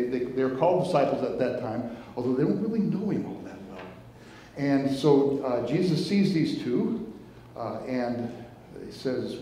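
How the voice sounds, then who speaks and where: A man preaching a conversational sermon as pastor, retelling a story in a halting way, repeating and restarting words and inviting listeners to join in. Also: mid-range voice, dark tone, a little hiss or hum. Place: church sanctuary. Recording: long hall reverb.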